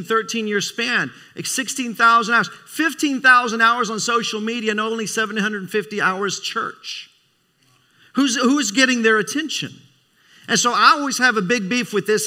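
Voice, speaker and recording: A man's voice: high-pitched, bright, forceful tone. A middle-aged man preaching a sermon, emphatic, repeating phrases and calling for amens. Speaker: preacher, Christian school leader.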